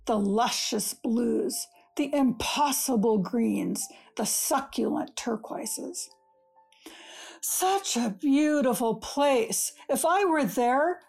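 A woman reading a first-person short story aloud in a gentle, measured storytelling manner. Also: sits high, vocal fry. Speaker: story reader.

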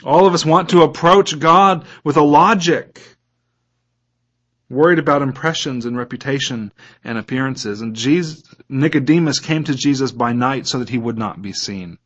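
A man's voice: medium pitch, normal speed, fairly bright tone, lo-fi sound. A man preaching a sermon as a pastor, reading scripture aloud and putting questions to his listeners.

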